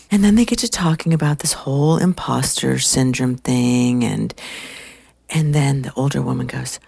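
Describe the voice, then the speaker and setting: Husky woman, whispered role-play from a stall. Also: a bass voice, moderate pace, no room sound, rough recording. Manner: hushed, breathless gossiping. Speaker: CEO. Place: bathroom stall. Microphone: phone. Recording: dry phone recording.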